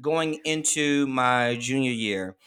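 Bright-voiced man telling a lively story. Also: medium pitch, slow, clean tone. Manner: animated, laughs while telling a story. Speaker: guest storyteller. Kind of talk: casual chat, storytelling.

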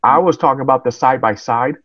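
A man's voice: mid-range voice, quick pace, fairly bright tone, breathy edge, no echo, lo-fi sound. A man who is a guest on a podcast, chatting casually in a plain, somewhat hesitant way.

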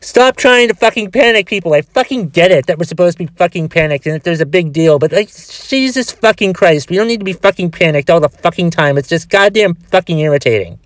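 Talking fairly quickly with hardly any pauses, a man with a fairly high-pitched voice hosts his solo podcast while nursing a cold and cough. He's frustrated, cursing heavily and restarting as he rambles, and there's no echo.

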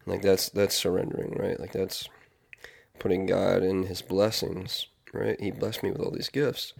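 A man's voice: deep voice, level tone, normal speed, vocal fry, breathy edge. A man talking in a casual confessional monologue, rambling and earnest, with many fillers and restarts. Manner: earnest, reflective. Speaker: vlogger.

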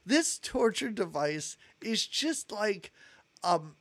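A woman chats about a film on a casual podcast, wry and quick with jokes. She laughs in the middle of her sentences, in a mid-pitched voice. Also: sing-song, no room sound. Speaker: podcast co-host. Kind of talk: casual movie chat.

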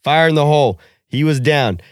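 A man's voice: a little high, moderate pace, clear, resonant tone, no echo, studio quality. A man co-hosting a podcast in casual chat, profane and joking, laughing often. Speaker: podcast co-host.

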